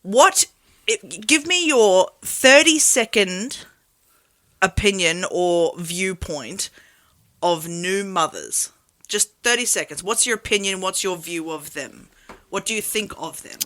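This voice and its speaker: A woman's voice: mid-range voice, lively intonation, slow pace, a bit bright, dry recording. A young Australian woman co-hosting morning radio, giggly and teasing. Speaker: radio co-host. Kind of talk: boisterous morning radio banter. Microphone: studio microphone.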